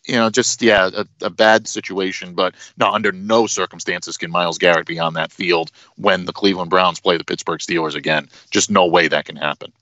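A man co-hosting a sports podcast, talking it through in a measured way with fillers. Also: deep voice, fairly even intonation, sharp tone, no echo. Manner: measured, thinking aloud with fillers. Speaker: podcast co-host. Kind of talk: casual sports talk. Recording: dry, dull lo-fi sound.

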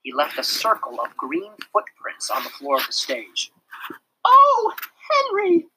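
Animated storybook narrator. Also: mid-range voice, normal speed, noisy background. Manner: animated, dropping to whispers for narration. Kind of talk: expressive read-aloud narration.

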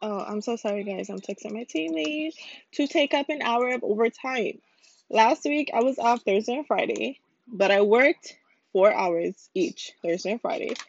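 A woman's voice: fairly high pitch, animated, normal speed, creaky, a little hiss or hum. A woman from the hosting a podcast in casual solo chat, joking and rambling with apologetic asides. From Caribbean. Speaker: podcast host. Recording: dull lo-fi home recording, dry.

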